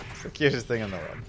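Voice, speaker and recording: A man chatting casually on a live stream while playing a game, telling stories and reading chat between play. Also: medium pitch. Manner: chatty, anecdotal, reads chat aloud.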